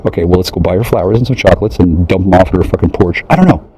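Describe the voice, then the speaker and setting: A man talking straight to his listeners in a profane, agitated, rambling rant that jumps from one idea to the next and mocks other people in high voices. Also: very fast, background noise. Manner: profane, agitated, conspiratorial, jumps between ideas; mocking quoted voices in a high pitch.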